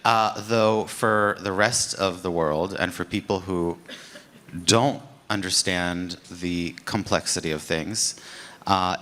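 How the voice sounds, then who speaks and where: A man moderating a conference panel, speaking haltingly with frequent fillers. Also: low-pitched, sharp tone. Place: conference stage before an audience.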